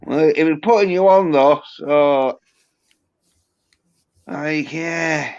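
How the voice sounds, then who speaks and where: A man's voice: a little high, slow, a little mellow. British male guest, teasing and sweary, muffled lo-fi call sound. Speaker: livestream guest. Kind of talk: casual chat.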